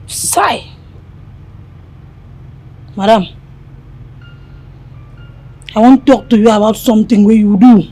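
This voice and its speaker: A woman's voice: fairly high pitch, full character voice. An actress with a Nigerian accent playing a devout, dramatic young housemaid who wails and preaches at her employer. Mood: timid. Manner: wailing outbursts, preachy, mixes in Pidgin. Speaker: maid.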